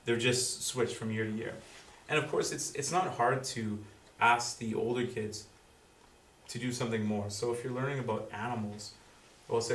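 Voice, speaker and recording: A man giving a school presentation to parents, explaining in a halting way full of fillers and restarts. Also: medium pitch, steady tone, a bit bright. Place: school room with audience. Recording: roomy, distant, faint background noise.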